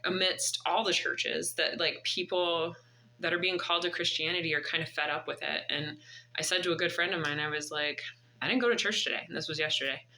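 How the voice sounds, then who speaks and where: A woman's voice: sits low, fairly even intonation, fairly quick, bright, forceful tone, low-quality recording. A woman in her thirties telling a personal story in a vlog, earnest and reflective. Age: 30s. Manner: earnest, reflective, faith-driven. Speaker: vlogger.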